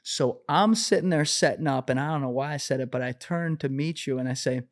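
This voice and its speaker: A man in his twenties, a podcast guest, telling a story in a casual, animated way, full of swearing and fillers. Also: medium pitch, fairly quick, no echo, studio quality. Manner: animated, profane, filler-heavy.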